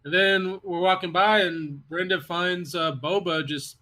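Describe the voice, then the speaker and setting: A man's voice: high voice, steady tone, a little slow, pushed and bright. A man co-hosting a podcast in casual chat, laid-back and stammering a little as he restarts sentences. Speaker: podcast co-host.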